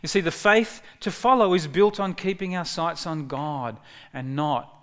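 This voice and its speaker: A male pastor delivering a sermon in an easygoing, conversational way. His voice sits a little higher than most men's, and he breaks into excited, lifted tones when he quotes. He often restarts his phrases as he talks. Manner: conversational, animated when quoting God, halting restarts.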